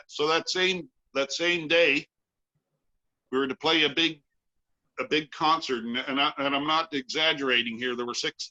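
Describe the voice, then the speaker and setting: A Canadian man with a pushed, bright, medium-pitched voice is a guest storyteller sharing a personal anecdote with a live audience. He chuckles throughout, is self-deprecating, and rambles with restarts. The live recording is dull and lo-fi.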